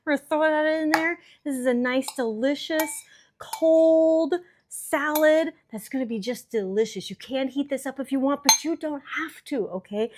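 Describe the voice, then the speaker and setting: A young woman with a fairly high voice hosts a casual cooking vlog. She chats in a joking, playful way while showing each step, recorded outdoors. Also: background noise. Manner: playful, joking, chatty demonstrating. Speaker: host. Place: outdoors at a cabin.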